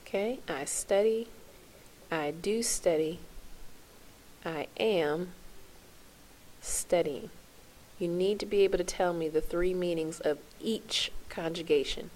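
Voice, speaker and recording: A woman's voice: on the low side, slow pace, pauses often, a little mellow, a little hiss or hum. A woman teaching a French lesson to her class, spelling out verb endings in a chant and checking in with "okay?" as she goes.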